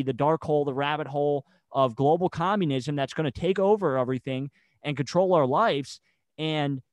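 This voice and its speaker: A man's voice: fairly high pitch, no room sound. A man ranting heatedly in a casual chat, stammering and restarting his sentences. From United States. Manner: agitated and rambling, with stammered restarts.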